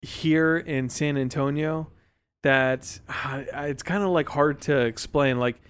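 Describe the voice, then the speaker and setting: A young man co-hosting a podcast, talking in a relaxed, rambling way with lots of fillers. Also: a little high, takes it slowly, clear, resonant tone. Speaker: podcast co-host. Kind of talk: casual chat.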